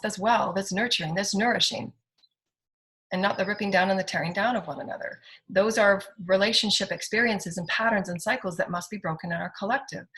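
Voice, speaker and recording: A woman's voice: medium pitch, fairly bright tone, poor audio. A middle-aged woman, a spiritual healer, giving an inspirational spoken monologue in an emphatic way and repeating affirmations.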